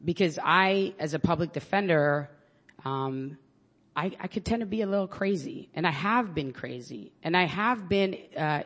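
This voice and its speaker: A woman with a New York accent giving an earnest, halting personal share at a support group meeting, with many restarts and fillers. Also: deep voice. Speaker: public defender sharing at a recovery meeting.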